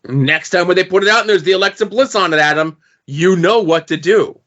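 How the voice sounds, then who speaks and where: A man co-hosting a podcast in casual chat, telling stories in an animated, profane way. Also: high-pitched, a little fast. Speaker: podcast co-host. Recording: dull lo-fi podcast audio.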